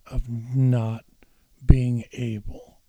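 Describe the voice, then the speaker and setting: A man tells a personal story in a candid, emotional way, slipping into the voices of the people he quotes. His delivery is unhurried and his tone mellow and warm. The sound is dry and close. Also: mid-range voice, slightly rough, dry recording, poor audio. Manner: animated, acts out the people he quotes.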